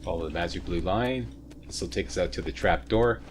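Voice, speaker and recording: A man's voice: deep voice, brisk. A man hosting a video game walkthrough, chatty and joking as he explains each step. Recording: faint ambient noise, sirens nearby.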